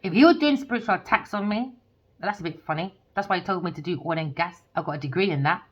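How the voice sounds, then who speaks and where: Woman, tarot reader, heated profane rant, lowish voice, muffled lo-fi sound. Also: quick pace, slightly rough. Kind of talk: ranting monologue. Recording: dull lo-fi recording.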